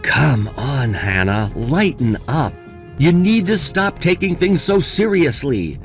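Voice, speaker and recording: A man plays a young man in a dramatized story, mocking and dismissive one moment, sympathetic the next. His voice moves around a lot in pitch. Light background music plays under the dialogue. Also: very animated, slow pace, heavily acted. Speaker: voice actor in a story video. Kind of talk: scripted voice acting.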